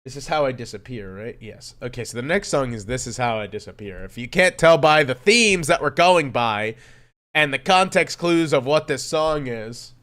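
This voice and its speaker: Guy streaming, swears a ton, rambly, goes from mumbly to loud out of nowhere. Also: mid-range voice, normal speed. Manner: rambling, profane, animated swings in loudness. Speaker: streamer reacting to music. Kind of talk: casual chat.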